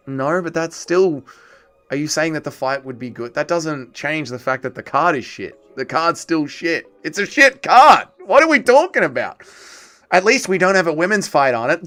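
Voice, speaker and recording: A man hosting a livestream reads viewer comments aloud and answers them in a casual chat. His mood swings between loud, swearing rants and low grumbling.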